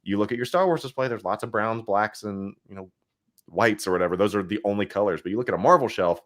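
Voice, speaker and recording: A man talking casually as a podcast guest in a relaxed, explanatory way. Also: fairly low pitch, fast. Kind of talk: casual chat.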